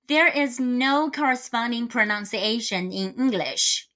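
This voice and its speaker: High-pitched female teacher, drills pinyin syllables one at a time. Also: lively intonation, a bit bright. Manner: repeats each syllable slowly and clearly. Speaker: Chinese teacher. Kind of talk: slow pinyin pronunciation lesson.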